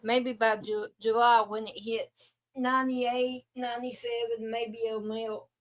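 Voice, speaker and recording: A woman's voice: a little high, little pitch movement, a little slow, low-quality recording. A woman co-hosting a livestream in casual chat at home, joking and laughing often. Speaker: livestream co-host. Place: indoors at home.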